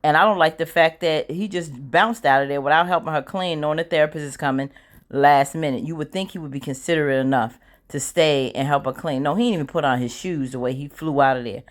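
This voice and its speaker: A woman's voice: deep voice, quick pace. A woman giving a casual, opinionated recap of a TV drama, chatting freely and acting out bits of scenes as she goes.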